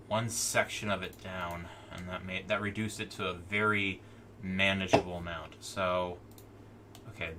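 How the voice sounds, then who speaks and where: A man's voice: low voice, bright, forceful tone, distant mic, a little hiss or hum. A man streaming live and chatting casually as he works, rambling with stammering restarts and muttering to himself. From United States. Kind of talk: casual commentary while working.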